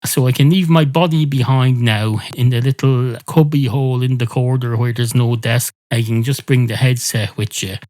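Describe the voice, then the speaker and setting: A man's voice: medium pitch, fairly even intonation, normal speed, hardly any pauses, a little mellow, no room sound, natural voice. A man voicing a fussy, disembodied male maître d' who rambles and over-apologizes, in a comedy podcast sketch.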